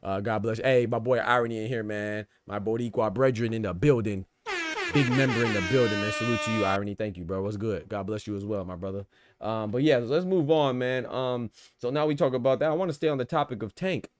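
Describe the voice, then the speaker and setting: An American boxing podcast host from the United States runs a casual livestream, his voice fairly low and a little quick over background music. He talks in streetwise slang and keeps firing rhetorical questions, hammering the same points again and again.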